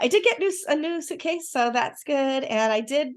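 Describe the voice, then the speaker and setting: A woman's voice: high-pitched, animated, brisk. A woman chatting as a guest, enthusiastic and rambling with many restarts. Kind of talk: casual conversation.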